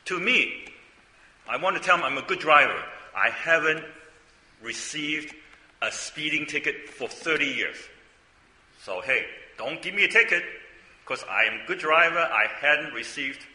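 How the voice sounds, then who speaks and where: A man's voice: a little high, lively intonation, measured pace, long pauses, sharp tone. Older man preaching in an echoey hall. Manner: conversational storytelling, frequent asides and rhetorical questions. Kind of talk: sermon.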